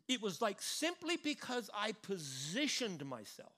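High, bright-voiced male preacher. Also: measured pace. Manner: animated, repeats and stresses words. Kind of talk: sermon.

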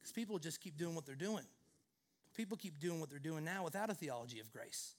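A man's voice: fairly high pitch, lively intonation, fairly quick. A male pastor preaching a sermon in an earnest way, leaning often on the word "actually".

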